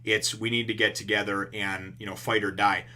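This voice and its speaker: A man voicing a gruff, protective middle-aged village man who speaks urgently in a casual retelling. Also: fairly low pitch, flat delivery, moderate pace, bright, forceful tone. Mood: rallying. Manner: urgent, rallying.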